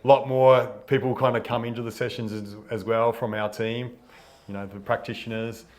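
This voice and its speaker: A man's voice: mid-range voice, little pitch movement, a little fast, a little mellow. Male co-host, easygoing chat, sentences that fade out. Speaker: co-host, bodywork therapist. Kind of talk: casual chat.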